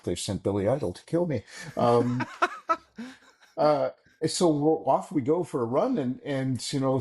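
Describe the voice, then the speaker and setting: A middle-aged man, a podcast guest, telling animated stories in a conversational way and acting out the dialogue he quotes. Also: low-pitched, husky. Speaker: podcast guest, former executive. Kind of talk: conversational storytelling.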